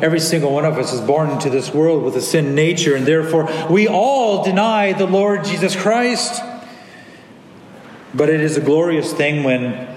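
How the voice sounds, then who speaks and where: A man's voice: a little high, moderate pace. A man preaching a sermon as pastor, earnest, sometimes acting out the people in the story. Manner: earnest, acts out quoted lines. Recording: echoey hall, faint ambience.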